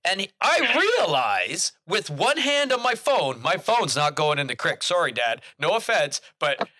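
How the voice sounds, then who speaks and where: A man's voice: on the high side, measured pace. A man telling a hunting story about his father on a podcast, laughing as he goes. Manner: animated, laughing as he tells it.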